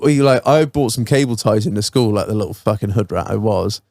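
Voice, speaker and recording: A man's voice: on the low side, a little fast, a little mellow, no room sound. A man co-hosting a podcast, telling school stories in a sweary, laughing, casual chat. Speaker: podcast co-host.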